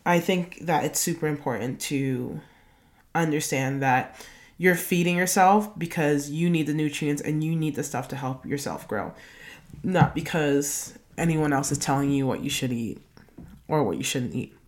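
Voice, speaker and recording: A young woman with a low, full voice reads her blog post aloud as a podcast host. She works through numbered self-help tips and then wanders into relaxed, chatty asides before returning to the list. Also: normal speed.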